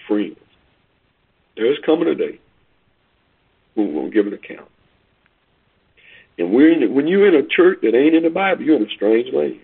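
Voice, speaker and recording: A man's voice: lowish voice, husky. A man preaching a sermon, reading scripture and building to emphatic, repeated appeals. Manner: emphatic, rising to loud appeals. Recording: tinny phone line.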